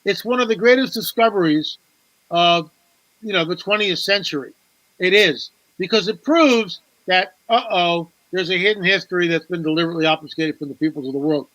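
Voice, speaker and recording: A man's voice: high voice, fairly quick, a bit bright, no echo, muffled recording. A man, a guest author on a talk show, telling a story with animation, repeating words and acting out quoted dialogue.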